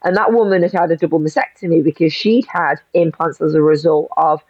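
A woman's voice: sits low, a little fast, dry recording. A woman, a guest in an interview, telling a personal story in an emotional rush full of restarts. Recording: dull lo-fi audio.

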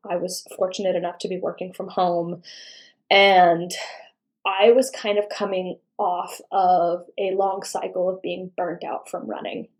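A woman's voice: fairly low pitch, level tone, unhurried. Laughing woman guest on a podcast. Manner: warm-hearted, laughs often. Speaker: guest, running coach. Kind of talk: casual interview chat.

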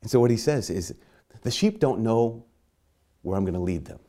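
A man's voice: lowish voice, animated, moderate pace, mellow. A man giving a sermon in a conversational, self-mocking way, acting out little dialogues. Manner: conversational, self-mocking, acts out quoted voices.

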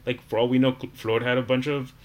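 A man's voice: medium pitch, level tone, quick pace. A man from Florida, co-hosting a casual podcast conversation, reminiscing in a chatty way.

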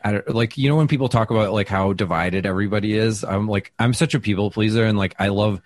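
A man who does stand-up, telling stories in a casual interview, chatty and self-deprecating, with lots of fillers and restarts, and he acts out quoted lines with big jumps in pitch. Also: quick pace. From Wisconsin. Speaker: stand-up comedian, guest. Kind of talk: casual interview talk, storytelling.

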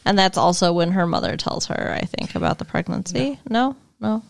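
A woman's voice: mid-range voice, moderate pace, creaky. A woman co-hosting a podcast, chatting casually and wryly about a TV episode. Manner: conversational, wry, lots of fillers. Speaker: podcast co-host. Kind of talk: casual chat recapping a TV episode.

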